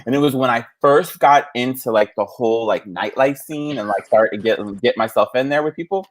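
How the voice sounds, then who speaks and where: A man's voice: mid-range voice, brisk. A man hosting a podcast, telling stories in a chatty way with lots of fillers. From New York City area. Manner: chatty storytelling with many fillers. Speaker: podcast host. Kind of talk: casual chat.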